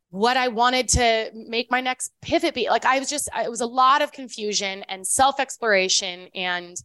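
A woman's voice: on the high side, a bit bright, clear, resonant tone, dry recording. A woman co-hosting a podcast in casual chat, rambling with lots of fillers and restarts. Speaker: podcast co-host.

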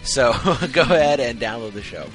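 A man's voice: mid-range voice, lively intonation, normal speed, music in the background, low-quality recording. A young man hosting a podcast who reads out announcements in an upbeat, casual way. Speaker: podcast host.

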